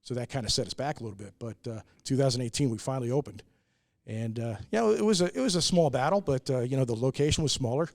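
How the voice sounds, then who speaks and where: Talking fast with vocal fry, this middle-aged American man has a mid-range, darkish voice and no echo around him. He owns a brewery and tells stories in a casual podcast interview, earnest and "uh"-filled, playing out the people he quotes.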